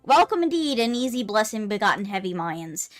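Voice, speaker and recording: A woman reads out a quaint old forest spirit of a cozy game, fond and strange. Its words tumble out in broken archaic phrases, gentle and tender. Faint game music hums behind. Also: medium pitch, sing-song, a little fast, lightly acted. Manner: archaic broken speech, affectionate. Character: quaint ancient forest creature, tender and odd.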